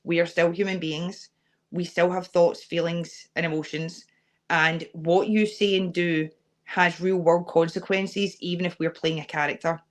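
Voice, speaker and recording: A woman's voice: lowish voice, flat delivery, a little slow. A young adult Scottish woman, a wrestler guest on a podcast interview, speaking candidly and earnestly with frequent fillers. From Scotland.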